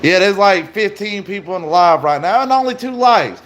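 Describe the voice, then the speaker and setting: A male livestreamer with a slightly raised pitch, bantering with his chat. He jokes loosely, swears freely and talks to viewers directly. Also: normal speed, fairly bright tone. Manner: profane, joking banter with viewers.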